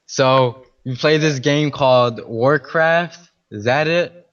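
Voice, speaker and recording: A man's voice: medium pitch, takes it slowly, fairly bright tone. A man calling in to heckle the host, taunting him. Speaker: caller. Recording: muffled, distant call audio.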